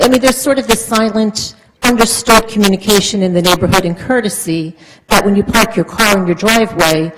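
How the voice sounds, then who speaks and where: During public comment at a town council meeting, a woman resident speaks earnestly and at length, her explanation full of fillers. Her voice sits mid-range with a fairly bright tone. The recording is rough, with a little hiss or hum.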